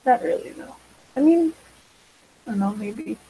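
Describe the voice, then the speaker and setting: A woman's voice: on the high side, animated, measured pace, warm tone, slight background noise, rough recording. A teenage girl chatting casually while she draws, rambling with many fillers and side tracks. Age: teens. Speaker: vlogger.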